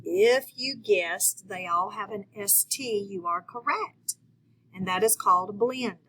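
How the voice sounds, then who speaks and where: A patient woman teaching phonics to kids speaks slowly to her viewers, encouraging them to answer. Her voice is medium in pitch, pushed and bright, and the poor audio has a little hiss or hum.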